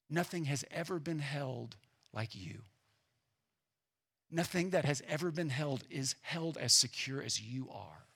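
A man preaching a sermon as pastor, earnest and emphatic, at times dropping to a quiet, reflective tone. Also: mid-range voice, vocal fry, husky.

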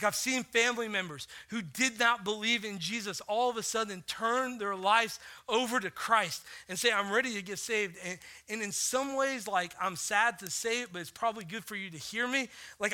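A middle-aged man preaches a sermon in a loose, chatty style. His voice sits high and sounds very bright. He leans on "like" as he tells a story, going quiet at some moments and turning lively at others. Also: moderate pace, hardly any pauses. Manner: conversational storytelling, many "like" fillers, swings from hushed to animated. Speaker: pastor.

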